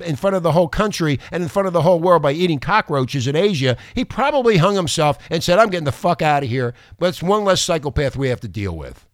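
A man's voice: high-pitched, dry recording, studio quality. A man hosting a talk radio show, ranting angrily with profanity and mocking sarcasm. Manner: angry, profane, combative ranting.

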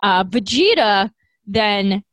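A woman's voice: medium pitch, expressive, slow, a bit bright, no echo. A woman co-hosting a casual podcast, telling the story with animation and slipping into the characters' voices. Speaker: podcast co-host.

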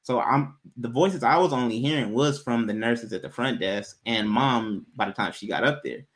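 Man, casual storytelling chat, animated, laughs a lot. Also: moderate pace. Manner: animated, jumps to high pitch when quoting himself, laughs often. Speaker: podcast co-host telling a story.

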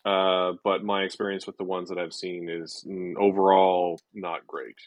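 A podcast co-host, a man with a very low voice, recorded dry and close with no room sound. He talks in a halting, hesitant way, with restarts and ums. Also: level tone, dry recording, muffled recording. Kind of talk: casual chat.

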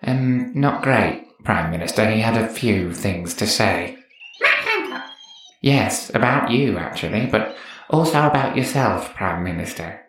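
A woman's voice: rumbling low, animated, a little slow. A woman voicing a nervous, deferential male cabinet minister who speaks hesitantly. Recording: very echoey, distant, faint noise.

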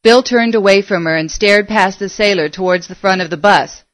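A woman narrating a story in a steady, measured reading voice. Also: mid-range voice, no room sound.

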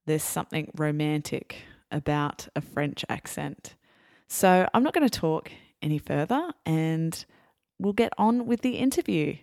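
An Australian woman hosting a podcast, explaining clearly and deliberately before interviewing a guest. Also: low voice, animated, a little mellow. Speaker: podcast host.

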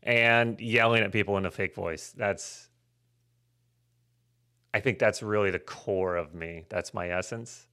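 A man's voice: fairly low pitch, measured pace, long pauses, sharp tone, clean tone. A man co-hosting a comedy podcast, chatting casually in a rambling, self-mocking way and swearing freely. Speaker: podcast co-host.

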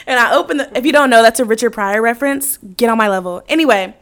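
A woman's voice: on the high side, fast, few pauses, fairly bright tone. A woman podcast host telling a story in a casual, brash, profane way and acting out the quotes.

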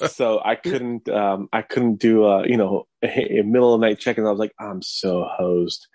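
A man co-hosting a casual podcast, telling stories in a profane, animated way. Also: fairly low pitch, brisk, no echo. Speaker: podcast co-host.

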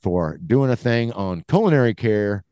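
A man's voice: lowish voice, expressive, normal speed, warm tone, clean tone, no echo, clean studio sound. A man co-hosting a podcast in casual chat, encouraging and chuckling often. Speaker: podcast co-host.

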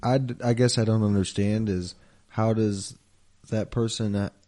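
A man's voice: lowish voice, steady tone, moderate pace, warm tone. A young man co-hosting a podcast, telling stories in a laid-back, profane way. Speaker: podcast co-host. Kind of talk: casual chat.

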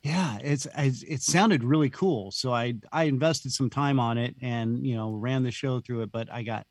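A man's voice: mid-range voice, moderate pace, no echo. Rambling laid-back man, dry sound. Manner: rambling, laughs often, says dude. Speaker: podcast guest. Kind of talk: casual podcast chat.

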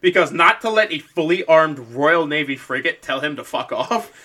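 Man, casual podcast talk, very bright tone, slightly high voice, swears freely. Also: expressive, moderate pace. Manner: profane, laughing, jumps into bits. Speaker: podcast co-host. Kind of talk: casual history chat.

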